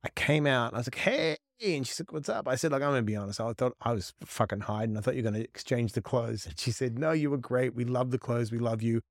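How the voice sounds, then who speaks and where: A middle-aged man, a podcast guest, telling stories in an animated, profane way and acting out quoted lines. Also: medium pitch, fast talker, hardly any pauses, no echo, studio quality. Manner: profane, emphatic, acts out quotes. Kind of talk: animated storytelling.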